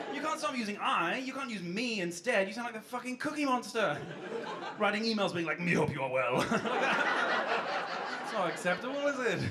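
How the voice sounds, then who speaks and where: A man's voice: very high voice, background noise. A man doing a rambling, self-deprecating stand-up set, chatting with the audience from a club stage. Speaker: stand-up comedian. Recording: live club with loud crowd laughter. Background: audience laughing.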